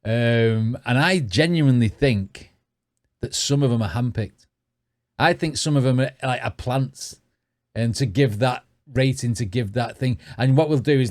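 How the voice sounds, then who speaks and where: A man's voice: mid-range voice, normal speed, a little mellow, no echo, clean studio sound. A man hosting a reaction video, chatting casually with frequent laughs, swearing and rambling asides. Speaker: reaction channel host.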